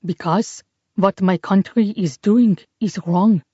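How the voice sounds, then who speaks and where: Brief: woman narrator voicing a sincere young German soldier, German accent, quiet, dull dry recording. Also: mid-range voice, slow, husky, no echo. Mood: earnest. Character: young German soldier secretly helping resistance, earnest.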